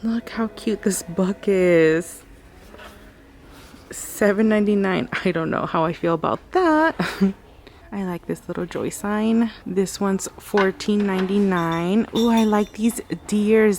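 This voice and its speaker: A woman's voice: mid-range voice, slow pace, a little mellow, a little hiss or hum. A woman vlogging in a craft store, gushing over decorations and reading out signs and prices. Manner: gushing, chatty, reads out sign text and prices. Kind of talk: casual store walkthrough vlog. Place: inside a large craft store.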